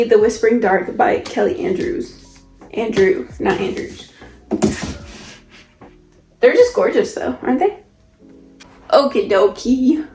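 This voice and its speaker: A young woman chatting casually as she shows off the books on her shelf, rambling and asking herself questions. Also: fairly high pitch. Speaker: book vlogger. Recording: echoey room with soft music. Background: soft background music.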